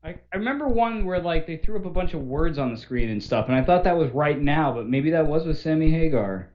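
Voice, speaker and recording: A man co-hosting a casual podcast, joking and teasing with quick comebacks. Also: on the high side, animated, muffled recording. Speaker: podcast co-host. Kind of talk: casual chat.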